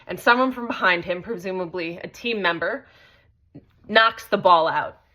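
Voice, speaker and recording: A woman's voice: lowish voice, moderate pace, sharp tone. A woman hosting her own vlog, telling a story in a conversational way and swearing freely. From United States. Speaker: host. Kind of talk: casual vlog monologue.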